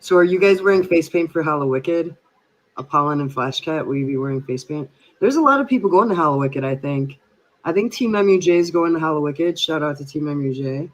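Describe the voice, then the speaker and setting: A man's voice: on the high side, animated, brisk, highs cut off. A man hosting a casual live stream chat, talking loosely and reading out viewer comments. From Midwest US. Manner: chatty, reads out viewer comments.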